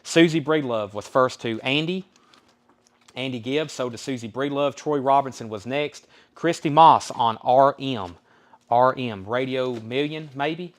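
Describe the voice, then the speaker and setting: A man's voice: medium pitch, unhurried. Southern man calling record prices. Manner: reads titles and prices, calls buyer names. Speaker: live record sale host. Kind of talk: live-stream sales patter.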